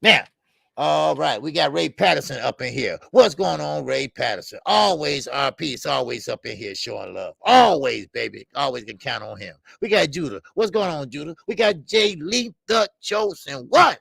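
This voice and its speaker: Man, middle-aged, very gravelly voice, dry close sound, slangy live-stream host shouting out viewers. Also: on the high side, sing-song, moderate pace, no echo. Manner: loose, slangy, greets viewers by name. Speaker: boxing channel host. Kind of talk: casual live-stream chat.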